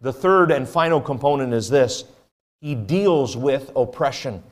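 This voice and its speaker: A man's voice: medium pitch, expressive, measured pace. A man preaching a conversational sermon in a church auditorium, often putting questions to the congregation. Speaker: pastor.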